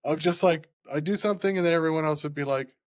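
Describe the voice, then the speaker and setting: A man's voice: a little high, fast, no echo, clean studio sound. Rambling, laughing man on a podcast. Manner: rambling and laughing, heavy use of "like". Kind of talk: casual podcast chat.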